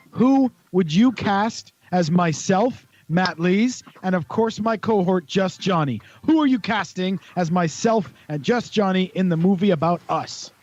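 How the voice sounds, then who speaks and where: A man's voice: high-pitched, darkish tone. A Welsh man hosting a podcast quiz game, teasing the other players in casual banter. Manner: teasing, playful quizmaster. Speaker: podcast host running a quiz. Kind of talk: casual live stream banter. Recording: dull lo-fi live stream rip with faint noise.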